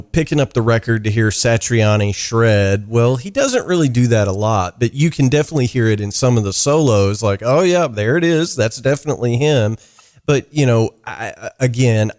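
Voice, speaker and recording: A man hosting a podcast, chatting casually and warmly with his guest, with fillers along the way. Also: on the low side, clear, resonant tone, no room sound, clean studio sound. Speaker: podcast host. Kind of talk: casual interview chat.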